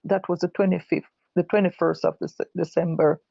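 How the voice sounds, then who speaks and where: An older Jamaican woman giving personal testimony, halting and correcting herself as she recalls what others said. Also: fairly low pitch, fairly even intonation, gravelly, mellow, dry recording, highs cut off. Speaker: guest telling her own story. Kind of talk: personal testimony told live.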